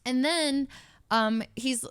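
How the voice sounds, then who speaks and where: Rambling young woman, higher voice. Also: takes it slowly, smooth, dry recording. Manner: rambling, animated, acts out quoted people in a higher voice; laughs often while telling the story. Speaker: streamer. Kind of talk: casual storytelling.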